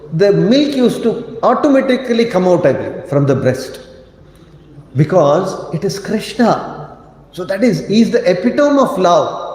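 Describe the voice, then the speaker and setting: A man giving a storytelling sermon at a temple, animated and halting, with many fillers. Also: fairly high pitch. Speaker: monk giving a scripture talk. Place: temple cowshed. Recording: echoey hall with long reverb.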